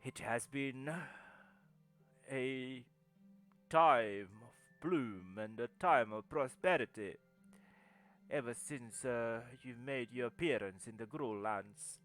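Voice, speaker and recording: A man playing a grave, welcoming tribal chieftain who speaks slowly and solemnly with a faint put-on Russian lilt. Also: medium pitch, fairly bright tone, soft background music. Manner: slow, solemn speech with vaguely Russian lilt.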